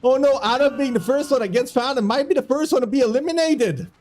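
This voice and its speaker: A man with a notably high voice calls a video game tournament live from his streaming desk. He keeps dissolving into giggles as the match goes sideways and stumbles over his words when he loses track. The commentary is loose and excitable. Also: fast. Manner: keeps breaking into giggling fits while commentating.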